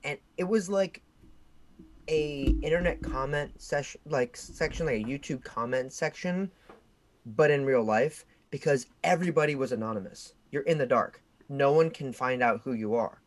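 A young man co-hosts a casual podcast chat, spinning a long story. He talks in an animated way and his voice jumps up high and loud whenever he acts out what others shouted. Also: moderate pace. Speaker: podcast co-host.

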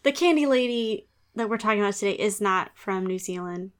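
A woman's voice: medium pitch, brisk. A woman hosting a podcast in casual chat, laughing often and rambling playfully. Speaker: podcast host.

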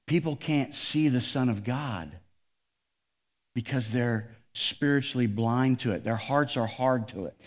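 A man preaching from the pulpit in an animated sermon. His voice sits at an ordinary middle pitch. He drops low and soft, then climbs loud and high for emphasis. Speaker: pastor.

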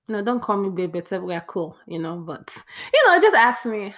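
A woman's voice: medium pitch, big pitch swings, moderate pace, a bit bright. A young woman, chatting playfully to camera as she counts off a list. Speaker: vlogger. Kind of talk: casual talk to camera.

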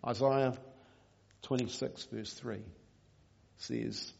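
A man preaching a sermon, reading a story aloud in a measured, quiet way. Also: mid-range voice. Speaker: pastor. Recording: dull lo-fi recording.

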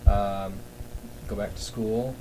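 A man guesting on a podcast in casual chat, speaking haltingly and repeating words as he starts. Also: on the low side, steady tone. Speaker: podcast guest, speech therapist. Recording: audible background noise.

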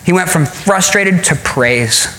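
A high-pitched man delivers a lively sermon, dramatizing the passages he reads and laughing softly between points. His voice carries around an echoey church room. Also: slow pace. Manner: animated preaching, acting out scripture with rising pitch, chuckles often. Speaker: pastor.

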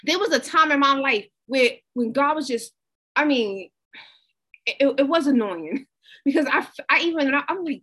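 Lady w a high voice doing a pep talk, chatty and lively, repeats stuff for emphasis. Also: moderate pace, poor audio. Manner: conversational, animated, repetitive. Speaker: motivational speaker. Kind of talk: inspirational talk.

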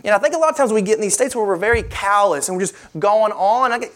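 An earnest woman preaches a sermon in a middle-pitched voice. She presses her points with rhetorical questions and repeats key lines for emphasis. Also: expressive, quick pace.

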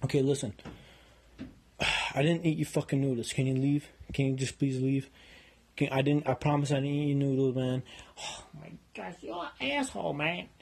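Exasperated profane man, husky. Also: mid-range voice, level tone, normal speed, long pauses, mellow. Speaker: podcast host. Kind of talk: comedy skit.

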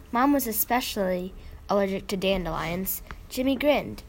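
Gentle woman reading a devotion. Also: mid-range voice, animated, normal speed, a little hiss or hum. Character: kind, allergic mother, gentle and warm. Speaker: devotion reader. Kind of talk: scripted children's devotional narration.

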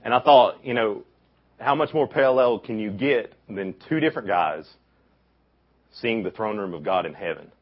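Young male youth speaker, deep and husky, lively storyteller who acts out quotes, dull lo-fi recording. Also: moderate pace. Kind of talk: casual youth sermon.

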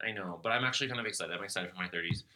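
Casting: congested host in his late twenties, bright lively timbre, lowish voice, loose chatty delivery with frequent laughs. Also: very fast. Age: 20s. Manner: laughing, swearing, animated chat. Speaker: podcast host. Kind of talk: casual podcast chat.

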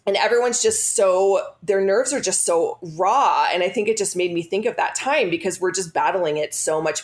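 A woman's voice: fairly low pitch, darkish tone. A woman in her thirties telling a personal story in casual chat, rambling with many fillers and restarts.

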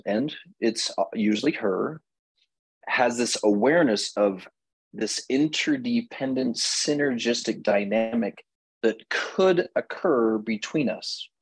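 A man's voice: fairly low pitch, husky, dry recording, low-quality recording. A man teaching a marriage class, telling stories and acting out both sides of talks with his wife. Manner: animated storytelling, acting out dialogue with his wife. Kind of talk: lecture to a class.

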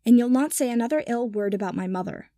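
A woman's voice: on the high side, fast, dark tone, no room sound, studio quality, close to an everyday voice. A woman voicing a sour, curt young nobleman who speaks in clipped lines.

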